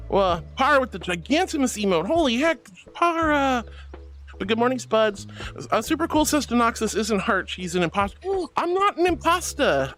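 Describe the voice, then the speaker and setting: Her voice a little high and fairly bright, a woman streaming as a VTuber from an indoor VR setup chats casually and reads chat aloud. She showers her viewers with cutesy, gushing thanks.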